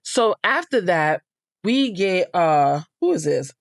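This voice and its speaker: A woman's voice: on the low side, sing-song, slow pace, dry recording, clean studio sound. A woman hosting a casual show recap, blunt and opinionated, cursing freely as she comments. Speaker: reality show recap host.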